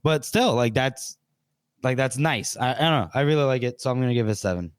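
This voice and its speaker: A man's voice: mid-range voice, a little fast, smooth, no room sound, studio quality. A man hosting a book podcast, rambling with fillers as he steers the segments. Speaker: podcast host. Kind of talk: casual book discussion.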